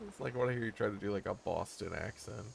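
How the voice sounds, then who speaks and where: A man streaming a game, chatting casually and thinking aloud in halting bursts as he plays. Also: on the low side, vocal fry, slight background noise. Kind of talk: casual chat while gaming.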